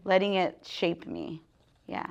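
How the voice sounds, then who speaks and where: A woman in her thirties talking candidly to an audience at a book talk, animated, laughing often and dropping to hushed asides. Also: on the low side, takes it slowly, gravelly, highs cut off. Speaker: guest author speaking at a book talk. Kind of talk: casual live talk to an audience.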